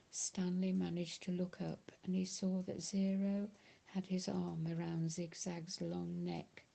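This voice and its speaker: A woman narrating an audiobook in a steady storytelling manner. Her voice is gravelly and dark, and she reads at a slow pace. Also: lowish voice, low-quality recording.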